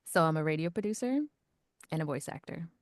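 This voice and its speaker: A woman working as a radio producer and voice actor, speaking in a calm, natural voice and chatting casually with plenty of "like" and "you know.". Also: low-pitched, brisk, dry recording, studio quality. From Long Island and Georgia. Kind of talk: casual interview answers.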